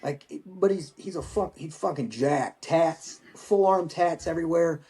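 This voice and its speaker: Animated, profane man telling war stories. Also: a little high, measured pace. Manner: profane, animated anecdote-telling with acted quotes. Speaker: podcast guest, Marine veteran. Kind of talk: casual storytelling.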